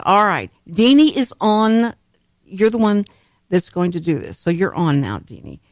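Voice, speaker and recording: A woman's voice: fairly low pitch, sing-song, normal speed, no echo. A woman hosting a radio talk show, chatting in a rambling way and laughing often. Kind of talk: casual chat. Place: radio studio. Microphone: studio microphone.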